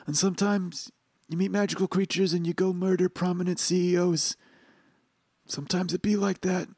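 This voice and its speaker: A man's voice: high-pitched, little pitch movement, moderate pace, darkish tone, breathy edge, no room sound. A man playing a tabletop role-playing game, giving jokey mock-earnest speeches in character. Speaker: player.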